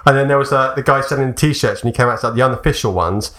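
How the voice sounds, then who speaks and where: A man's voice: mid-range voice, fast talker, a bit bright. A man co-hosting a casual chat show, telling anecdotes and laughing often as he goes. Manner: chatty, laughs a lot, puts on voices for anecdotes. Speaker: podcast co-host.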